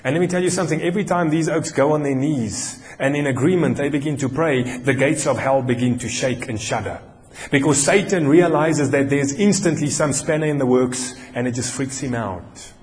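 South African preacher, slow emphatic delivery. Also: male voice, mid-range voice. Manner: animated storytelling, slows down for emphasis. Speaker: pastor. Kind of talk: sermon with personal story. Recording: long hall reverb.

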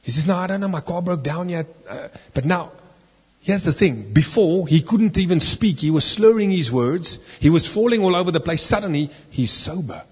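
A man preaching a sermon as an animated story, now and then rising loud for the key lines. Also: a little high, breathy edge. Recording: long reverb in a hall.

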